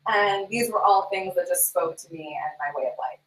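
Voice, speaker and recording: A woman's voice: lowish voice, a bit bright. A woman from the United States, a scuba instructor, talking earnestly about protecting the ocean. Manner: earnest, enthusiastic, halting restarts. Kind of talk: interview. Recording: echoey and distant mic.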